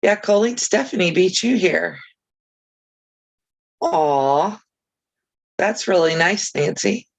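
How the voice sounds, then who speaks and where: A woman's voice: on the low side, expressive, slow, vocal fry, long pauses, poor audio. A woman hosting a casual crafting livestream, chatting easily with viewers and reading out their comments, with chirpy, self-deprecating asides.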